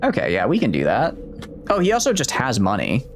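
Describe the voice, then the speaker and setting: A man's voice: mid-range voice, huge pitch swings, brisk, slight background noise. A man streaming a game, chatting casually and thinking aloud in a rambling way with lots of fillers. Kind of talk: casual gameplay commentary.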